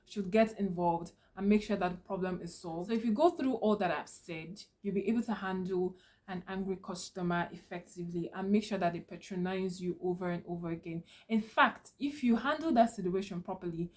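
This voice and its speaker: A woman hosting her own channel, calmly teaching business communication tips straight to the viewer and checking in with a frequent "okay?". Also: medium pitch. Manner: calm, instructive, addresses viewer directly with "okay?". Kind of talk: direct-to-camera advice talk.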